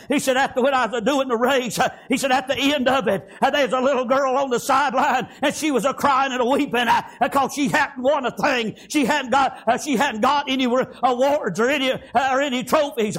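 Man, preacher, very high voice, fervent storytelling sermon, lots of amens. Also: a bit bright. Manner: fervent, frequent "praise God" and "amen", storytelling.

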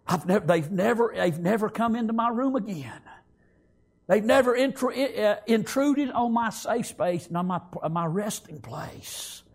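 A man giving a fervent sermon testimony, swinging from shouts to hushed tones and repeating phrases. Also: high-pitched, animated, unhurried.

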